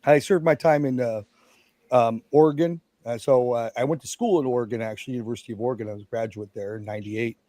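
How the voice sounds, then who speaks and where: A man's voice: mid-range voice, steady tone, fast, dark tone, no room sound. Blunt, self-mocking man in his forties. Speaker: stream guest. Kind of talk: casual chat.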